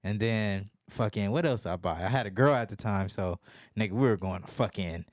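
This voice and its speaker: A young man in casual podcast chat, telling a profane story and jumping into lively voices when he quotes people. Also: fairly low pitch, fairly quick, no echo, clean studio sound. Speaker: podcast host.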